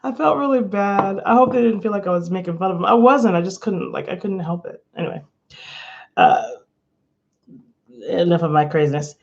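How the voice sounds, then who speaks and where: On a casual tarot live stream, an adult woman with a mid-range, creaky, expressive voice rambles at a moderate pace, pausing often and giggling between cards and viewers. Background noise accompanies the slightly dull lo-fi audio from a webcam or phone angled up from below.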